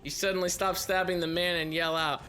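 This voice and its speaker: A woman's voice: on the low side, level tone, fairly quick, a bit bright, faint music behind. A woman streamer reading a text adventure aloud and reacting with frequent laughter, swearing and disbelief. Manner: giggly, swears a lot, incredulous reactions.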